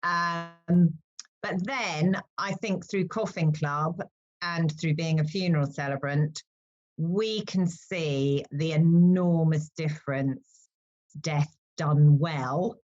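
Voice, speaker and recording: Lively low-voiced woman storyteller. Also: slow, muffled recording. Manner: lively, animated storyteller who laughs at herself. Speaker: funeral celebrant, interview guest. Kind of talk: conversational interview.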